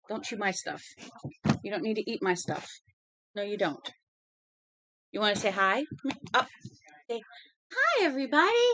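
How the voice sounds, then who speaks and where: A woman's voice: fairly bright tone, a little hiss or hum. A woman chatting casually at home before reading a novel aloud, rambling between small talk and talking to her dog. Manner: rambling and chatty, talks to her dog in a high sing-song.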